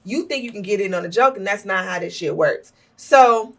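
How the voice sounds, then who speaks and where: A woman co-hosting a podcast, telling stories in a blunt, profane, animated way. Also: mid-range voice, moderate pace, distant mic. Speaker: podcast co-host. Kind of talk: casual chat.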